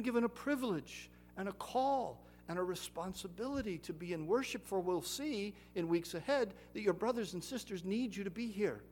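A male pastor preaching a sermon in an earnest voice, rising louder and higher on his exhortations, then closing in prayer. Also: normal speed, hardly any pauses, slight background noise.

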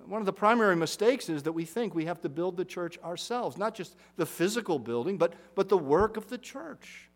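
A man's voice: high-pitched, animated, fairly quick, few pauses. A middle-aged man, a pastor, preaching a sermon in an earnest, emphatic way, repeating phrases for weight.

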